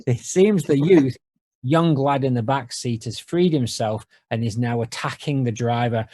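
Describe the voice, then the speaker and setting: A man co-hosts a casual podcast, narrating scenes with playful, deadpan wit. His voice sits in a middle register. The sound is close and dry, with no room around it. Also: mid-range voice, unhurried, no room sound. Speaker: podcast co-host. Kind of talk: casual podcast chat, reading out scene descriptions.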